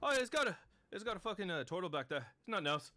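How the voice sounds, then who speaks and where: A blunt, brash little gnome, as a game master puts him on, high and bright in tone. The pitch jumps around a lot. He snaps back at anyone who questions him. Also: big pitch swings, quick pace, full character voice. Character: gruff, rude little male gnome.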